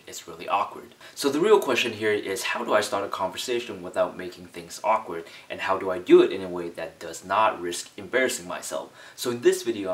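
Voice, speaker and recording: A man's voice: deep voice, far from the mic. A man giving direct, emphatic coaching on conversation skills in an instructional video.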